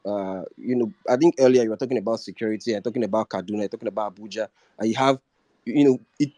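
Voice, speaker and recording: Male caller, mellow dry voice, halting, keeps restarting sentences. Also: on the low side, dry recording. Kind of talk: casual call-in comment.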